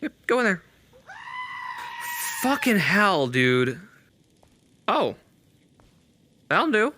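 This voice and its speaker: A man's voice: high voice, very animated, very slow, sharp tone, raised voice. A man streaming a horror game, jumpy and swearing constantly, with nervous laughter. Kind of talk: live horror game commentary.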